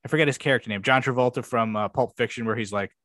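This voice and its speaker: A young man talking loosely on a podcast, mid-pitched and unhurried in his rambling. He swears freely and slips into quoted lines as he retells a story. The sound is dry and close. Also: a bit bright, no echo. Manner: rambling recap with profanity and quoted asides. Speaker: podcast co-host. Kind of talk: casual chat.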